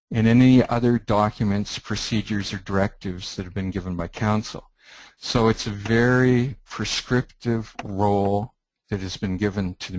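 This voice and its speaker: A middle-aged man from Canada with a fairly low voice, presenting a webinar. He explains things in a measured, teacherly way, pausing and restarting now and then. His voice sounds dry, on a computer mic. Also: no room sound, low-quality recording. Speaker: webinar speaker, heritage planning consultant.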